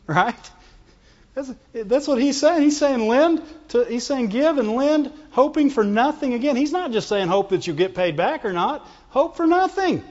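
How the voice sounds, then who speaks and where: A man preaching a sermon, animated and playful, acting out whining voices and laughing often. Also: extremely high pitch, a little slow. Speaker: pastor. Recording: dull sound with long hall reverb.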